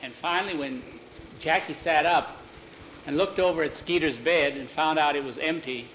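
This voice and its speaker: A man telling a spooky cemetery story out loud, with occasional restarts, slipping into voices for the characters. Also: moderate pace, a little hiss or hum, low-quality recording. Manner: unscripted retelling with restarts, lifts pitch for scared boys. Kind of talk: spoken storytelling, voicing characters.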